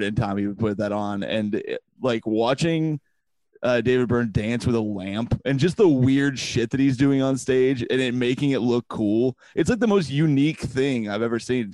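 A young male comedian, appearing as a podcast guest, tells stories in a loose, profane, casual chat, laughing often and acting out quotes. His voice is mid-range and a little mellow, with no echo.

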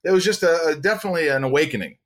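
A man's voice: on the high side, rapid-fire. A middle-aged man, a podcast guest, telling casual stories and acting out the people in them. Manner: animated, acts out quoted people. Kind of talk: casual storytelling.

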